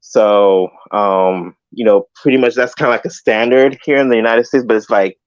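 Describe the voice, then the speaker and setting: A man's voice: medium pitch, fairly even intonation, moderate pace, no echo, dull audio. A man calling in to a live show, rambling and filling his talk with "like" and "you know". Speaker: caller. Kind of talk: call-in opinion.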